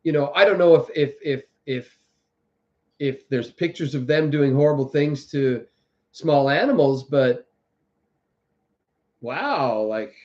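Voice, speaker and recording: A man hosting a casual livestream, rambling through political commentary with many restarts and mocking quoted voices. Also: a little high. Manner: mocks others with exaggerated quoted voices. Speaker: livestream host. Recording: dull lo-fi audio.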